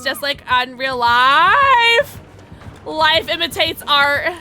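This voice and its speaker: High-pitched giggly woman streaming games. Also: takes it slowly, over music. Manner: giggly, loud and excitable. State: high on edibles. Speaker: streamer and voice actor. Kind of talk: casual game livestream chat.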